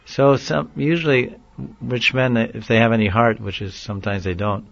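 A man preaching a devotional lecture in a slow, earnest way, sometimes pleading. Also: mid-range voice, steady tone, vocal fry. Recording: dull lo-fi recording.

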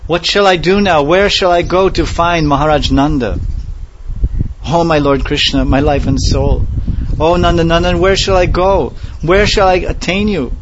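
A man's voice: fairly high pitch, moderate pace, dull audio, noisy background, pitched above the performer's own voice, lightly acted. A man voicing a grief-stricken holy man who cries out in a raised, lamenting voice, asking over and over where his Lord is. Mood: anguished. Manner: raised, crying lament of repeated questions.

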